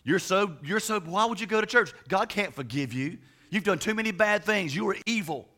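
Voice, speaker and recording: A scornful male devil jeers and accuses in a bright, cutting tone. A preacher puts him on in his own voice, only a little higher than his normal speech. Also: animated, normal speed, full character voice. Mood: mocking. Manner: mocking, scornful.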